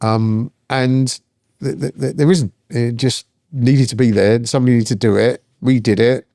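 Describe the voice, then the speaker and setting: A man's voice: medium pitch, fairly even intonation, moderate pace, warm tone, no echo, clean studio sound. A man in his sixties, guest on a podcast, talking in a rambling, chatty way with lots of fillers and restarts. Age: 60s. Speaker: guest, founder and accountant. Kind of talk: casual podcast interview.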